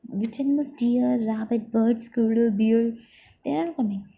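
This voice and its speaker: A woman teacher, explaining a school lesson and simply spelling out the meanings of words, pausing to find them. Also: fairly high pitch, vocal fry, mellow, slight background noise, poor audio.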